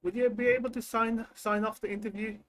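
A man hosting a podcast, asking relaxed, loosely phrased interview questions. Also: very high voice, fairly quick, dry recording, poor audio. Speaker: podcast host.

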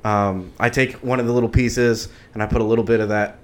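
A podcast host telling a story in a casual chat, relaxed, joking and swearing. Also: male voice, fairly low pitch, brisk.

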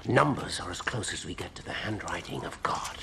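A man's voice: sits low, lively intonation, fairly quick, gravelly. An actor playing an intense male scientist who speaks solemnly, heard in a film clip with crowd noise behind him.

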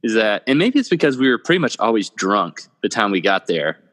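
Laid-back low-voiced man, reverberant room. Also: big pitch swings, brisk, fairly bright tone. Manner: laid-back, swears casually. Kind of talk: casual chat. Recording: long reverb.

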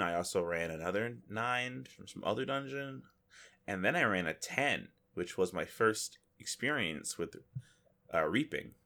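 Animated low-voiced man on a podcast. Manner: animated, breaks into exaggerated voices for jokes. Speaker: podcast co-host. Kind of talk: casual gaming podcast chat.

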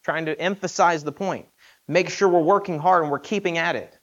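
A man's voice: on the high side, fairly quick, a bit bright, highs cut off. A man preaching a sermon in an earnest, emphatic way, asking rhetorical questions.

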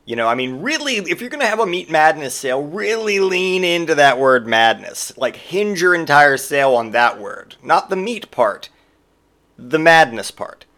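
A man's voice: fairly high pitch, sing-song, moderate pace, bright, forceful tone. A man in his forties hosting a podcast, delivering a sarcastic, profane comedic rant in casual monologue. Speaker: podcast host.

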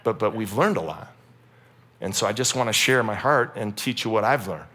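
A pastor in his forties preaching a humorous, animated sermon in a church. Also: lowish voice, normal speed, breathy edge. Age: 40s. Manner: animated, humorous, acts out quotes.

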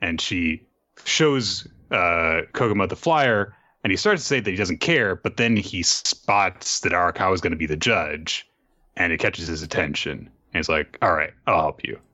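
A very deep-voiced man talks through an anime episode in loose podcast chat, stumbling through fillers and restarts. His tone stays bright and forceful despite the low pitch, and the recording sounds a little dull and muffled. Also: animated, normal speed. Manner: rambling, many fillers and restarts. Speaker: podcast host recapping an anime. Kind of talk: casual recap chat.

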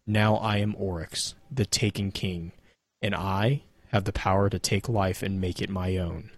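A man voicing a ruthless male alien god-king, reading his lines in a grave, proclaiming way with a husky voice. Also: low voice, fairly even intonation, measured pace, dry recording. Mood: commanding.

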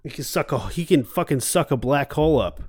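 A man hosting a podcast in casual chat, swearing a lot and talking loosely and excitably. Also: medium pitch, a little fast. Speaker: podcast host.

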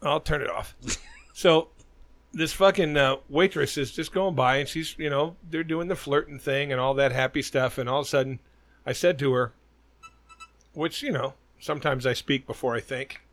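A middle-aged male podcast host chats casually, spinning a long, loose, rambling story packed with swearing. His voice is medium-pitched and a bit bright, at a moderate pace.

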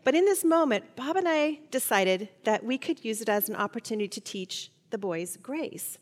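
A middle-aged woman leads a Bible study lesson, her voice pitched a little high. She tells personal stories in a chatty way, stumbling and restarting as she goes, and a long hall reverb trails after her words. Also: animated, normal speed. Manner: warm personal storytelling with fillers and restarts.

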